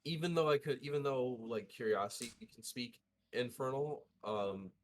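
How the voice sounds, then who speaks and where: A man's voice: medium pitch, normal speed, a little hiss or hum. A man playing a tabletop game over an online call, talking in a hesitant way with many fillers and restarts. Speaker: player. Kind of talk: casual tabletop game chat.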